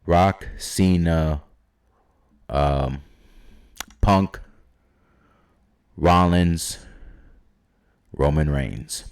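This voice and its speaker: A man with a very low, deep voice thinks out loud in a loose, rambling way. He hesitates often and fills the gaps with ums and uhs. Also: drawn-out words, pauses often, clear, resonant tone. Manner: rambling, hesitant with many fillers. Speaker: YouTube wrestling predictor. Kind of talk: casual solo prediction talk.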